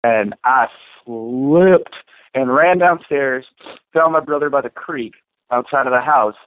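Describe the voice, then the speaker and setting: A man co-hosting a podcast, telling a story in a casual, profane and animated way. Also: mid-range voice, slow pace, no echo. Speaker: podcast co-host. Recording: tinny phone-like dry sound.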